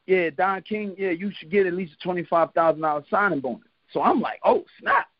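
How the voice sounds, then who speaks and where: High-voiced man telling stories. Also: fairly quick, no echo. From Philadelphia, USA. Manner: animated storyteller, laughs often, acts out quotes. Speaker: podcast guest, retired boxer. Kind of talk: casual storytelling interview. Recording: dull lo-fi podcast audio.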